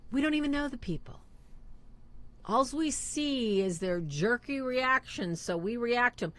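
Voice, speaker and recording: A middle-aged woman co-hosts a live faith talk show, speaking emphatically and preachily at an unhurried pace. Her intonation is lively and her pitch ranges widely as she stacks up rhetorical questions.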